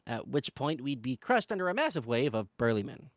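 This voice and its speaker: A man reading a fantasy novel aloud in an expressive, animated way. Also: mid-range voice, normal speed, dry recording, studio quality. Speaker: reader.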